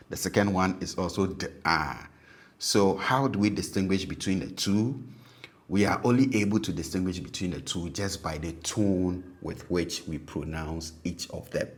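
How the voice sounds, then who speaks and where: A man teaching a language lesson, patiently repeating example sentences and checking in with "okay?". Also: deep voice.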